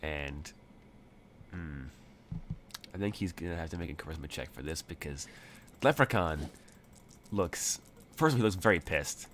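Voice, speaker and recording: A man's voice: deep voice, animated, a little fast, a bit bright, a little hiss or hum. A man running a tabletop game as game master, narrating in a rambling, hesitant way full of fillers.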